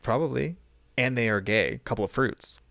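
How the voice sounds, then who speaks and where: A man co-hosting a podcast, throwing in wry, quick reactions in casual chat. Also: mid-range voice, creaky, fairly bright tone. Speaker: podcast co-host.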